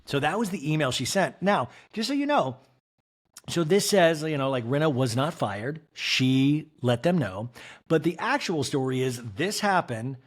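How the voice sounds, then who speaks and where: A man's voice: a little high, animated, moderate pace. A man hosting a podcast, recapping reality TV in a campy, theatrical way and mimicking the cast. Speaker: podcast host.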